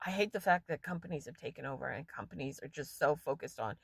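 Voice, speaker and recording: A woman's voice: sits low, fast talker, vocal fry, hardly any pauses, husky, no echo. A woman vlogger delivering an angry, profane rant straight to camera in a casual monologue.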